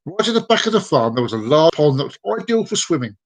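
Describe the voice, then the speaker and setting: A man's voice: fairly high pitch, big pitch swings, fast talker. A man hosting a live stream, telling jokes with chatty asides and laughing along. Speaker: host. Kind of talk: joke telling.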